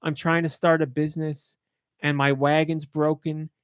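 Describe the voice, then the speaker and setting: A man hosting a podcast in casual chat, telling stories with animated quoted voices. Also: moderate pace, clear, resonant tone, dry recording, clean studio sound. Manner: animated storytelling, voices quoted lines in a high excited pitch. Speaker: podcast host.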